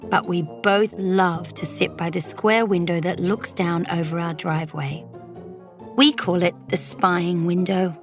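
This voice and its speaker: A woman narrating a children's storybook as a young girl, lively and dropping into whispers for suspense. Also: on the low side, measured pace, faint music behind. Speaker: audiobook narrator.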